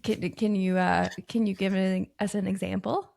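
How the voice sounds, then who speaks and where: Chatty woman podcaster with vocal fry. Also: mid-range voice, steady tone, normal speed, a little mellow. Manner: candid and self-deprecating, laughs at herself. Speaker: podcast co-host. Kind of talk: casual chat.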